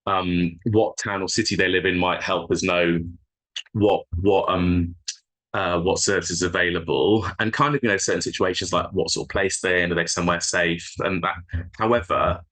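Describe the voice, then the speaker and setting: A man from a charity's helpline team, explaining listening and messaging tips in a conversational, halting way with frequent restarts. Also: sits low, steady tone, a bit bright, low-quality recording. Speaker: charity helpline staff member.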